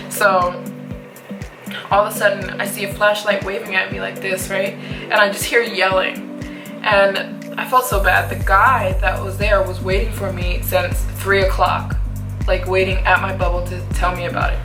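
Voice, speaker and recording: A young woman vlogger telling a story in a lively way, full of fillers. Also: mid-range voice, normal speed. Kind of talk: storytime narration. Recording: roomy echo with faint music.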